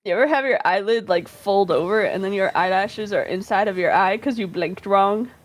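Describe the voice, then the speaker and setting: A woman guest in a casual chat with a streamer, telling animated stories and acting out her own outbursts. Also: mid-range voice, normal speed.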